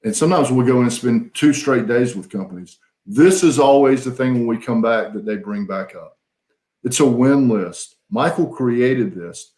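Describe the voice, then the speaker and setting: Man, middle-aged, emphatic motivational speaker, deliberate cadence, roomy echo. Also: mid-range voice, a little mellow. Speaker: trainer co-hosting a live training session.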